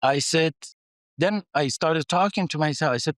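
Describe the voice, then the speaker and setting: A man's voice: a little high, normal speed, no room sound. A man, a mining company's chief executive, telling stories in a podcast interview, acting out the dialogue and using non-native phrasing. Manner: animated storyteller who acts out dialogue.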